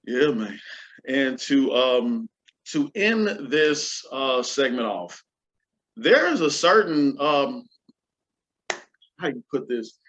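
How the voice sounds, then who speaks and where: A man co-hosting a podcast, talking in an animated, joking way. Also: mid-range voice, slow, long pauses. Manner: animated, joking, laughs often. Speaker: podcast co-host. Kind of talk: casual chat. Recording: muffled lo-fi mic.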